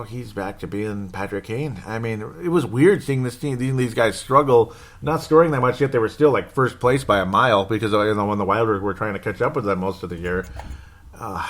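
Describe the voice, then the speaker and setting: A man talks through his thoughts in a loose, rambling way, often catching and correcting himself mid-sentence. His voice sits somewhat low, and an anxious, wry edge runs through it, with frequent small chuckles. It has the unscripted feel of a casual solo podcast host. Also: fairly bright tone. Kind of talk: casual solo sports commentary.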